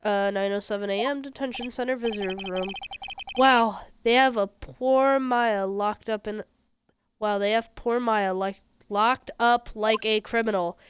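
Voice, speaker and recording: A woman's voice: medium pitch, fairly even intonation, unhurried, clean tone. A woman streamer reading game dialogue aloud in a casual way, swearing and commenting on the lines. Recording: video game music behind.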